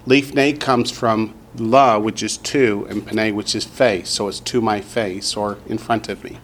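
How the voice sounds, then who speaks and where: A man with a Southern US accent teaching a language class in a classroom, drilling students slowly and patiently. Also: on the low side, fairly even intonation, a bit bright, a little hiss or hum. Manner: slow, patient drilling with repetition. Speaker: Hebrew teacher.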